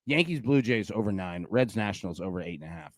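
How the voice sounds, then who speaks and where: Animated man hosting a show. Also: on the low side, fast, dry recording, studio quality. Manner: animated, chatty, peppered with "dude" and "man". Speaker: host. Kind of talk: casual live sports-betting show.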